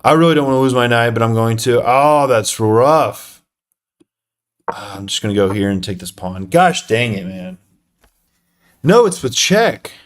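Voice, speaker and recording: A man's voice: mid-range voice, expressive, unhurried. A young man live-streaming a chess game, talking to himself and chat with lots of fillers and self-deprecating groans.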